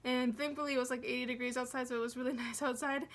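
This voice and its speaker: A young woman with a high voice, narrating a storytime for her vlog. She talks in a chatty, rambling way and often restarts her sentences. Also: level tone, racing. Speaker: vlogger.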